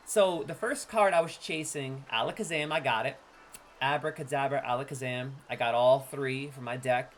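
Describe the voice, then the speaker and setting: A man in his thirties talking casually to his stream while opening card packs. He swings between boastful, loud trash-talk and low, laid-back asides. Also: moderate pace, a little hiss or hum.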